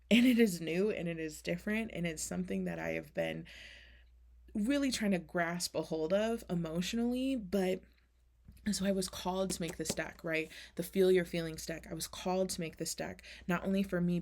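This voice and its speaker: A woman's voice: fairly low pitch, gravelly, darkish tone. A woman giving a casual, candid oracle card reading, chatting openly and swearing now and then.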